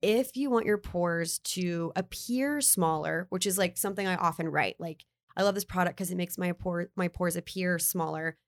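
A woman's voice: on the low side, normal speed, few pauses, no room sound, studio quality. A woman in a casual interview chat, talking candidly and chatty with lots of "like". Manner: chatty, candid, uses "like" a lot. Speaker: beauty writer and guest.

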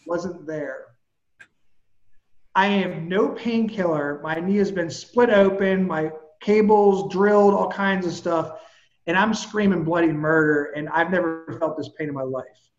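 A man's voice: high-pitched, measured pace, echoey room, muffled recording. A man, a personal trainer, animatedly recounting a personal story in casual talk and swearing now and then. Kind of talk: casual storytelling in a podcast chat.

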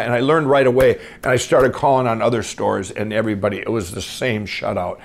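A middle-aged man from Minnesota telling his own life story off the cuff, rambling with many restarts and swinging between excited and hushed. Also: medium pitch, fairly quick. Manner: rambling, full of restarts and "I'm going". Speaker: guest storyteller. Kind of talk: unscripted personal storytelling.

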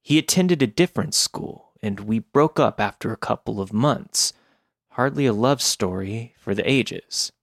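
A man narrating a scripted first-person horror story in a measured, deliberate way. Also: lowish voice, animated, dry recording, clean studio sound.

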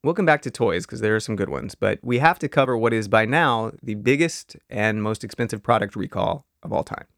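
A man's voice: on the low side, animated, fairly quick, few pauses, fairly bright tone, dry recording. A man co-hosting a casual comedy podcast, explaining a topic in a dry, wry way. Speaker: podcast co-host.

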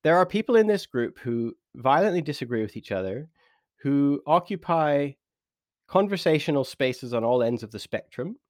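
A British man hosting a podcast interview, chatty and animated, laughing easily as he introduces his guest. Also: a little high, moderate pace, dry recording, studio quality. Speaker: podcast host.

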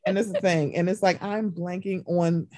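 A woman from Maryland hosting a podcast, telling stories in casual chat and acting out quotes with big jumps in pitch. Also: fairly even intonation, moderate pace, warm tone, no echo, clean studio sound. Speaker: podcast host.

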